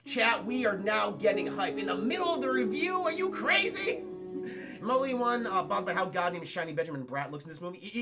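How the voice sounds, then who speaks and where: A man's voice: sits high, pushed and bright. A young man streaming a casual, profane film recap, constantly talking to his chat. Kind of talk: casual livestream commentary.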